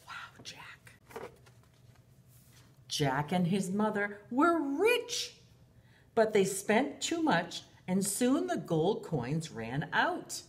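Reading a picture book and teaching small children, a woman preschool teacher uses a mid-range voice with huge swings in pitch. She goes slowly, sounds expressive and sing-song, and names herself in the third person.

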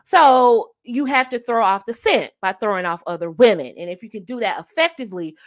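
A woman hosting a casual advice talk on dating, emphatic and fond of repeating her key phrases with rhetorical asides. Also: medium pitch. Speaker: host giving dating advice.

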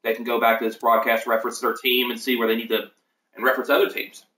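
A man's voice: medium pitch, flat delivery, fast talker, pushed and bright, far from the mic, slight background noise. A man hosting a casual livestream, rambling through team lineups with many fillers and self-corrections. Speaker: league host reviewing team depth charts. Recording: echoey room, voice off the mic.

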